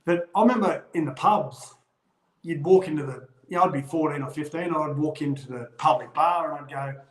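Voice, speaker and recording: A middle-aged Australian man, formerly a rugby league player, spins animated stories in a casual conversation and acts out the voices of the people he quotes. His voice is on the high side and fairly quick, and the audio is poor with an echoey room.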